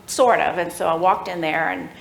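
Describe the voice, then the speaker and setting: A middle-aged woman telling a personal faith story at a church workshop, animated and laughing as she acts out the voices of people in the story. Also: on the low side, moderate pace, vocal fry, slight background noise. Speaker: workshop speaker. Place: church room. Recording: echoey room with faint ambience.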